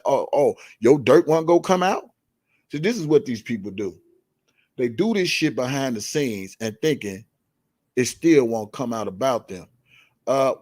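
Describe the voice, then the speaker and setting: A man's voice: medium pitch, a little mellow, no room sound, clean studio sound. A man hosting a live show, ranting in blunt, profane, confrontational commentary and repeating key words for emphasis. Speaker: livestream show host. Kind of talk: heated commentary rant.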